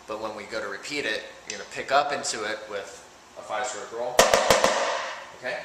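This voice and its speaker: A man's voice: fairly low pitch, normal speed, heavy background noise. A man teaching a drum cadence in a casual, step-by-step way, saying the rhythms aloud as he goes. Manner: explains patterns step by step, speaking rhythms aloud. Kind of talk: casual instructional talk. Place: practice room with drums. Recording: very echoey room with loud drumming.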